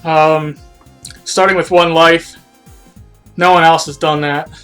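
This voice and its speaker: A man with a slightly raised pitch talks loosely over his gameplay, picking apart his own mistakes and letting sentences trail away. He sounds a little winded, and faint game music plays underneath. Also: little pitch movement, slow pace, a bit bright, clear, resonant tone. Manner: rambling, self-critical, trailing off. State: out of breath. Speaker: game streamer. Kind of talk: casual live-stream commentary.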